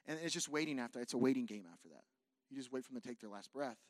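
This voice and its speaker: A man from California preaching as a pastor, telling a personal story in an animated way that swings from hushed to loud, with jokes for the congregation. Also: medium pitch, rapid-fire, no room sound, clean studio sound. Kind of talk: sermon storytelling.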